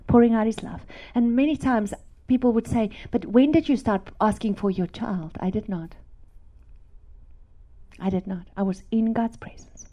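A woman giving an emotional Christian testimony, repeating words for emphasis and often dropping to a hushed whisper. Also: mid-range voice, moderate pace. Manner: drops to hushed whispers, then rises to emphatic repetition.

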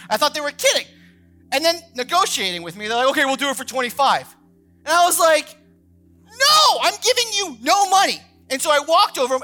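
Animated male preacher with a bright edge. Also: very high voice. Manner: animated storyteller, acts out quoted voices, many fillers like "like". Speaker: pastor. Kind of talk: sermon with personal story.

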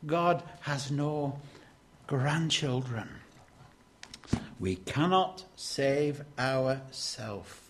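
An older man preaching a sermon, emphatic, swinging between loud declarations and hushed lines. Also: medium pitch, extremely slow, pauses often.

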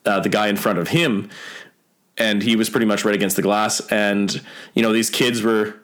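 A man's voice: fairly low pitch, steady tone, moderate pace, a bit bright. A young Canadian man telling stories in a casual chat, rambling with many fillers and the odd swear word. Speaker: guest.

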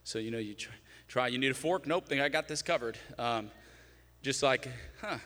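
Pastor guy telling a funny story, bright voice, big echoey church. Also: mid-range voice, moderate pace. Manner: animated, comic storyteller. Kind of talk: storytelling sermon. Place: large church hall.

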